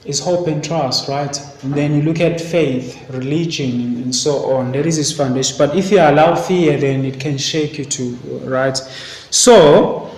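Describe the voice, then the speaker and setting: A man's voice: a little high, normal speed, few pauses. A man teaching a literature class. He reads passages aloud and then questions his students. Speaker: English teacher. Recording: echoey classroom, faint hiss.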